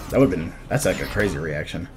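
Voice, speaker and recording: Low-voiced young man reacting to a fighting game. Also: vocal fry. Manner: reactive, swings from muttering to sudden shouts; self-critical, casual slang. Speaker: gameplay commentator. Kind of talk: live gameplay commentary.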